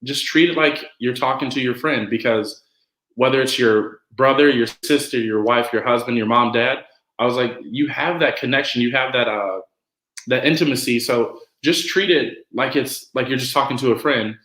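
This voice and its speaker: Man, podcast guest, easygoing storyteller, mid pitch, roomy echo. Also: normal speed, a bit bright. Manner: easygoing storyteller, acts out quotes. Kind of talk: casual podcast chat.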